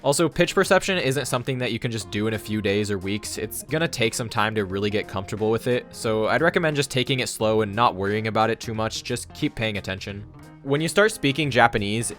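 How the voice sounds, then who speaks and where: A man's voice: on the low side, fairly bright tone. A man giving a scripted explainer monologue on language learning, matter-of-fact and confident.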